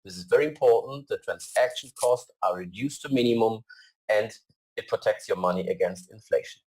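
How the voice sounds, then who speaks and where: Hesitant man presenting slides, low voice. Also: fairly quick, a little mellow, slightly rough, poor audio. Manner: hesitant, many fillers and restarts. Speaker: company CEO presenting.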